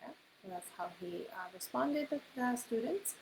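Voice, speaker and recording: A woman teaching a Japanese class in English, explaining phrases and repeating them slowly. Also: a little high, animated, vocal fry, darkish tone, rough recording. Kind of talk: online language class. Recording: faint hiss.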